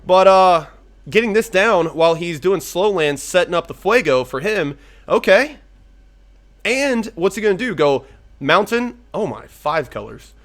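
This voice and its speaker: A young man talking his way through a card game, swearing freely and rambling as he weighs each play. His voice sits a little high for a man. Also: expressive, unhurried, a bit bright. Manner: rambling, profane, thinking aloud. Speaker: gaming YouTuber. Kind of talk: casual gameplay commentary.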